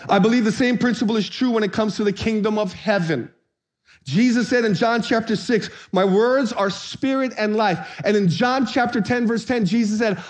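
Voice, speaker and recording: A man preaching a sermon as pastor, energetic and playful, calling on the congregation to answer back. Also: high-pitched.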